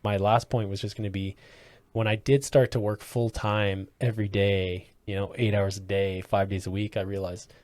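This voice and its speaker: Reflective low-voiced man on a podcast. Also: little pitch movement, moderate pace, a little mellow. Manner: reflective, lots of fillers. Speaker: podcast co-host. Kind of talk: casual chat.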